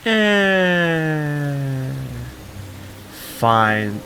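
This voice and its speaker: A man's voice: medium pitch, very animated, normal speed, over music. A tired man hosting a video game let's play, making joking asides.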